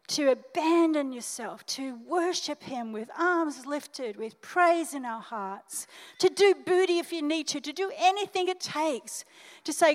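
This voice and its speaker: Older Australian woman pastor, high voice, lively sermon in a reverberant church hall. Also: measured pace. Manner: animated, emotional, talks straight to the congregation. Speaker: senior pastor.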